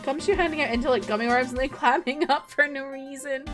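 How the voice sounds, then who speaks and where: A woman's voice: sits high, quick pace. A young woman streamer chatting playfully with her viewers while playing a game. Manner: playful, laughs often, talks to chat. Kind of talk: casual gaming chat. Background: game music.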